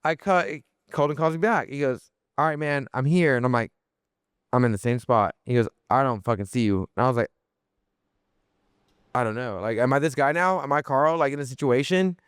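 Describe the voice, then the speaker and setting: Smooth-voiced young man telling a story. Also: mid-range voice, moderate pace, no room sound, clean studio sound. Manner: animated, lots of fillers and restarts, swears freely. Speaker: podcast guest. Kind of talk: casual storytelling.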